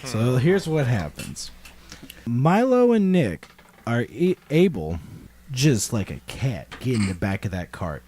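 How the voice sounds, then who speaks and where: A man running a tabletop game as game master, telling the scene in a loose, rambling way. His voice swings widely in pitch and sits at a middling register. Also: slow pace, noisy background. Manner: lively, rambling, laughs often.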